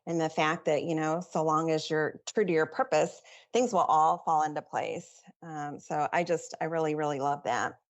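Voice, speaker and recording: A woman's voice: low voice, moderate pace, hardly any pauses. A woman co-hosting a podcast interview, reflecting on and affirming a guest's story. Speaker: co-host.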